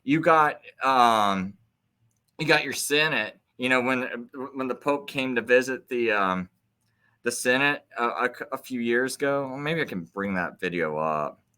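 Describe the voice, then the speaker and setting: A man hosting his own show rants on and on, stumbling through restarts and circling back to his point. His voice is bright and forceful, sitting at an ordinary male pitch. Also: animated, a little slow, smooth. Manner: rambling, many restarts, heated. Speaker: video host. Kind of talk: casual ranting monologue.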